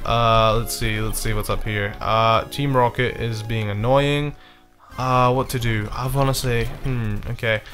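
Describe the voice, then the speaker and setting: A man's voice: medium pitch, fairly even intonation, measured pace, fairly bright tone, soft background music. A man commenting casually on his own gameplay, rambling, swearing often, and frustrated but apologetic. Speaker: let's play gamer.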